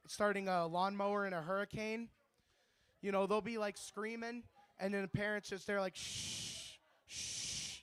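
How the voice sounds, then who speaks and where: A man's voice: sits high, no room sound. A young man doing a rambling, brash stand-up set at a bar open mic, swearing freely. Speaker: stand-up comedian.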